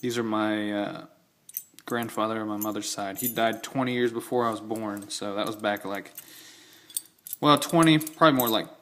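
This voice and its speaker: A man's voice: on the low side, moderate pace, a bit bright, slight background noise. A young man casually showing off old-style knives and keys, rambling and correcting himself with enthusiastic asides. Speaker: knife collector showing his gear. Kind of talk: casual show-and-tell vlog.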